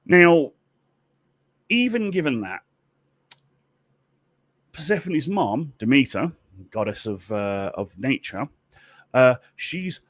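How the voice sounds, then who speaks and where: Animated, tipsy man telling a story. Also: medium pitch, breathy edge, no echo. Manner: rambling, profane, with many restarts. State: tipsy from drinks.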